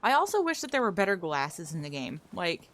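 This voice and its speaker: A woman with a notably low voice talks to her stream in a relaxed, conversational way. She also reads a story aloud to her viewers. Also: brisk, slight background noise. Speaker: roleplay streamer. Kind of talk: casual streaming chat and story reading.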